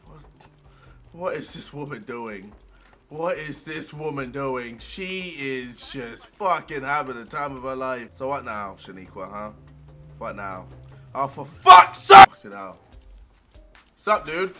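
A young man giving loud, profane gameplay commentary, shouting and yelping at the game. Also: mid-range voice, sing-song, slow pace, soft background music. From England. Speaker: gaming video creator.

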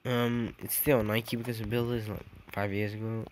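A young man with a lowish voice rambles through a casual game tour, correcting himself and tossing in "dude". His mic picks up steady background noise and clicking. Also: normal speed. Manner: rambling, self-correcting, says "dude" often. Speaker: gaming vlogger. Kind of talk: casual game walkthrough commentary. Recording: noisy background hiss with clicks.

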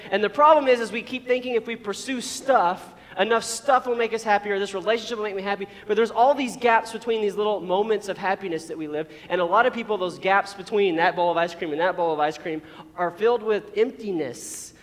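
Brief: male pastor with a high voice, preaching casually and playfully in a church hall with long reverb. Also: fairly quick, fairly bright tone. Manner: casual, joking preaching with asides. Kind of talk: sermon.

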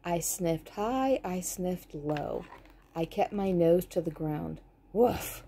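A woman reads a children's storybook aloud and pauses for gentle, explanatory asides. Her voice is low, mellow and warm, and she takes her time. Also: slight background noise. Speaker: storybook reader.

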